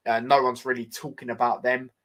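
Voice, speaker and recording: A man's voice: medium pitch, flat delivery, brisk, fairly bright tone. A young man, hosting a casual football predictions chat, talking loosely with many fillers and asides. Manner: chatty, filler-heavy, says "do you know what I mean" often. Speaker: football podcast host.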